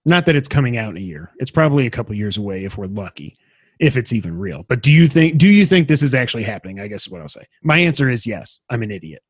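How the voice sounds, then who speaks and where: A man's voice: medium pitch, sing-song, fast talker, slightly rough, dry recording. Dry, chatty male podcast host. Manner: enthusiastic, rambling, self-deprecating. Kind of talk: casual gaming news chat.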